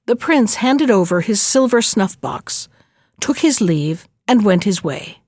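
A woman reading a fairy tale aloud in a slow, measured narrating voice. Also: mid-range voice, animated, darkish tone, no room sound, clean studio sound. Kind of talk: storybook reading.

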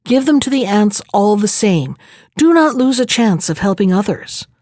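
A woman reading aloud, voicing a wise, kindly talking horse who gives calm, patient advice. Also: medium pitch, moderate pace, no room sound, studio quality, natural voice.

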